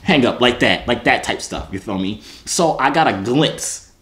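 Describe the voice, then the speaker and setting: A young man vlogging a casual story time, rambling and animated, full of slang and restarts. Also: medium pitch, moderate pace.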